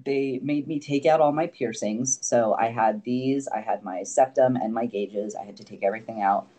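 A man's voice: medium pitch, moderate pace, dark tone. A man guesting on a podcast, telling a long story in a loose, rambling way, full of fillers, casual swearing and little laughs. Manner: laughs often between remarks.

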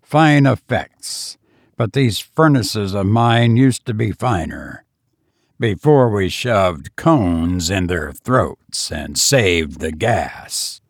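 A menacing ironworks master, read by a man in a slow, gravelly voice, pointing out his furnaces with a gloating, wide-ranging lilt. He dwells on every word, his tone dropping low and grim as he talks on. A dry, close recording. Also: expressive, no echo, exaggerated voice. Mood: brooding. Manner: loquacious, showing off with grim relish.

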